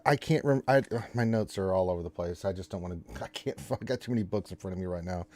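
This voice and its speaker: A man's voice: low voice, quick pace, crowd noise. A man narrating as game master, rambling and joking, often breaking off mid-sentence. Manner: rambling, joking, self-interrupting.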